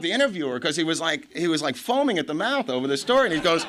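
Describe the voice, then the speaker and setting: A man's voice: a little high, lively intonation, fast talker, hardly any pauses, a bit bright. A middle-aged man speaking at a recovery meeting, telling his own story in a rambling way, with asides and chuckles. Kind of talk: personal story told at a meeting. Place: meeting hall before an audience.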